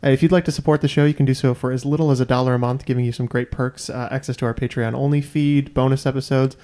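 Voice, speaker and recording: A man's voice: mid-range voice, steady tone, fast, mellow. A man hosting a trivia podcast, chatting casually and giving an upbeat plug for supporters. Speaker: podcast host. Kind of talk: casual chat and sponsor plug.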